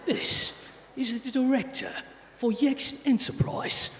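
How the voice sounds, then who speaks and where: A man putting on a British accent, impersonating a gruff action-movie tough guy in a mock-serious, slow, dramatic delivery. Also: very high voice, fairly even intonation, fairly bright tone, voice pushed up, heavily acted. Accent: put-on British. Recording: echoey hall with long reverb.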